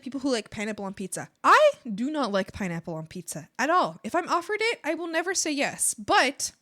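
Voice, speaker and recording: Woman, art streamer, casual chat, bubbly and giggly, fairly high, very lively pitch. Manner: bubbly, laughs a lot, swears playfully. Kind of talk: casual chat while drawing, reading chat.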